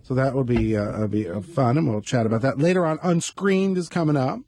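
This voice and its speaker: A man's voice: medium pitch, fairly quick, darkish tone, no room sound. A man hosting a talk radio show, rambling through campy, self-mocking asides in a studio. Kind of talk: casual talk radio chat. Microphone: studio microphone.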